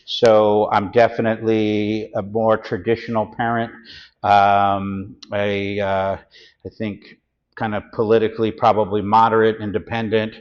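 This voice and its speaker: A low-pitched man in his fifties co-hosting a casual podcast. He talks in a loose, rambling way with lots of filler words, and his voice stays flat in pitch. The recording sounds a bit dull and lo-fi. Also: unhurried, smooth. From San Francisco, USA. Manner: relaxed, rambling, with many fillers. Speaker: podcast co-host. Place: studio.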